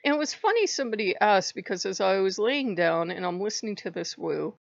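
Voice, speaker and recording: A woman's voice: mid-range voice, animated, fairly quick, vocal fry, dry recording, highs cut off. A woman host chatting casually in a vlog, talking in loose digressions and laughing often. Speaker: channel host. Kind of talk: casual rambling vlog chat.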